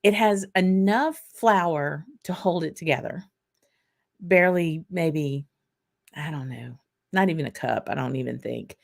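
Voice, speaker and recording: Woman, Southern accent, low-pitched, chatty livestream host, rambling, casual. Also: measured pace, gravelly. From Arkansas. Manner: chatty and rambling, with frequent fillers and laughter. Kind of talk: casual livestream chat reading viewer comments.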